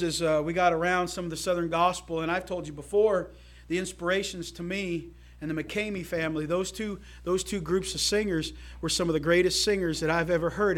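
A pastor with a high voice preaches to his church in a folksy, emphatic style. He swings between loud calls to the congregation and quiet asides.

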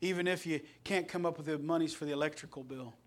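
High-voiced impassioned preacher man. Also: fast. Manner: impassioned preaching that swings from loud to soft. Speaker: pastor. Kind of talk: sermon.

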